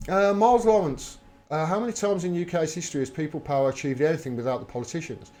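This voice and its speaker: Heated man, slightly high voice. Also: quick pace, a little mellow. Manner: emphatic and heated, swears freely. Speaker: livestream host. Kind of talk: live political commentary reading viewer chat.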